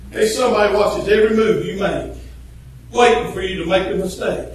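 A very high-pitched man preaches in a rhythmic chant, peppering his lines with "uh" and rising into shouted, half-sung phrases. He sounds far from the mic, in a heavily echoing church, with faint noise underneath. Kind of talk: sermon.

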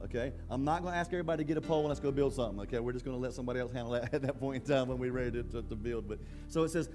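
Halting, conversational male pastor. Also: mid-range voice, darkish tone, soft background music. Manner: conversational, halting, often repeats words. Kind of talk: sermon. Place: church.

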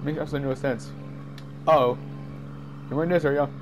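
A man giving jumpy, excited commentary while playing a game, easily startled and laughing at himself. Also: medium pitch, fairly quick, a little hiss or hum. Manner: jumpy, screams and laughs at scares, self-mocking. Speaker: gamer.

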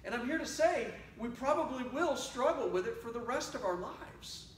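A man preaches in a high, light voice, moving from loud exhortation to quiet, close asides. His sermon sounds conversational. It is picked up from a distance in an echoing church with faint room noise behind. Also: animated, normal speed. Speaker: pastor. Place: church sanctuary.

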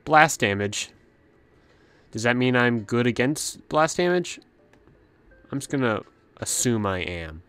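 A young man gives casual let's play commentary, chatting as he plays and calling out to the enemies on screen. He is a little out of breath, and his voice sits in an ordinary middle pitch. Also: animated, slow, long pauses, a bit bright, clean tone, soft background music. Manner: chatty, talks to the game's enemies. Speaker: gaming channel host.

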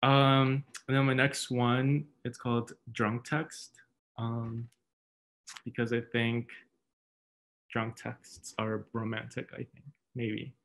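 A young Mexican American man reading his poems aloud at an online reading, measured and deliberate, with soft fillers between pieces. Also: mid-range voice, flat delivery. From Mexican American, raised outside New York. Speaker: poet. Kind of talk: poetry reading. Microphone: video call.

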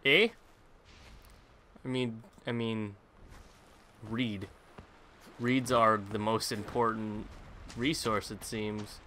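Man, let's-play commentary, bright tense tone, jokey, rambling asides, slight background hiss. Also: lowish voice, steady tone, extremely slow, long pauses. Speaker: gaming YouTuber.

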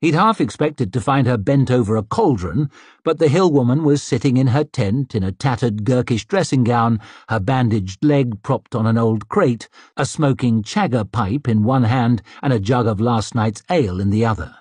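A man narrating an audiobook in a measured storytelling manner, voice slightly husky. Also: mid-range voice, a little mellow, no echo. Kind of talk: scripted narration.

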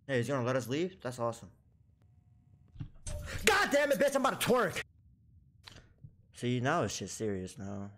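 A young gaming YouTuber plays through a horror game, making crude jokes and scolding the characters as though they could hear him. His pitch swings widely, and scares jolt him into sudden high yelps.

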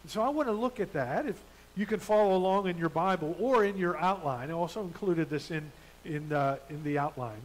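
A man's voice: on the high side, brisk, low-quality recording. A man pastor reading scripture and preaching a sermon in a conversational way, with fillers and restarts. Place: church.

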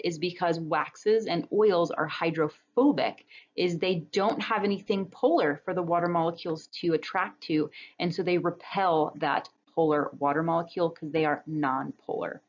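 Woman teacher, recorded slide lecture, conversational, lowish voice, slightly muffled lo-fi audio. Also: fairly even intonation, normal speed. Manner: conversational, explains step by step with fillers and "right?". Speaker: biology instructor. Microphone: webcam or computer mic on a talking-head recording.

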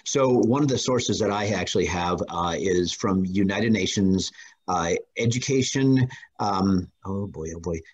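A man with a deep voice speaks in a casual class discussion. His tone is husky and a little breathy. He halts often, filling gaps with ums and clearing his throat. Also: a little slow, darkish tone. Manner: hesitant, many fillers, clears throat often.

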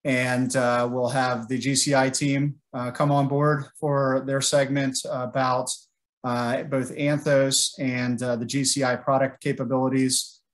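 A man presenting a webinar agenda and company overview, halting and full of filler words. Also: medium pitch, flat delivery. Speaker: sales presenter.

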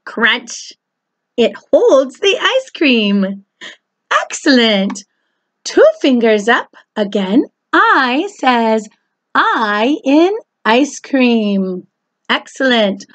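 A woman teaching a preschool phonics lesson, talking slowly with exaggerated, sing-song delivery, oohs and gasps. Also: fairly high pitch, sing-song, fairly bright tone, no echo.

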